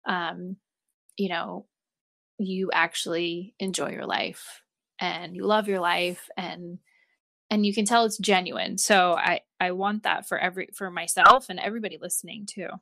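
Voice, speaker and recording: Creaky-voiced woman hosting a podcast. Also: lowish voice, dry recording, studio quality. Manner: relaxed, halting, with filler words. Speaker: podcast host. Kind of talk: casual interview chat.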